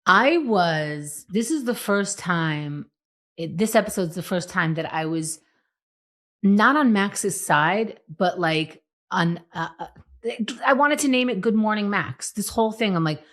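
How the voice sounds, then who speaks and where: Animated woman podcast co-host. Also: medium pitch, unhurried. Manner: animated, playful, acts out quotes. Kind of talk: casual chat.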